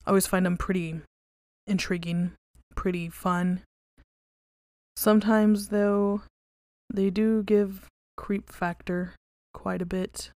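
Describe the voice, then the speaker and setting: A woman with a fairly low voice hosts a podcast, reading creepy stories aloud and then chatting in a relaxed, conversational way with some swearing. The recording is dry and studio quality.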